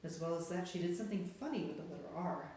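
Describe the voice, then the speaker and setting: A reader telling a storybook aloud, dropping to a hush and rising with suspense. The pitch sits in the middle range. The voice rings in a very echoey room over a faint hum. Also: quick pace. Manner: dramatic, hushed and then rising with suspense. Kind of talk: storybook read-aloud narration.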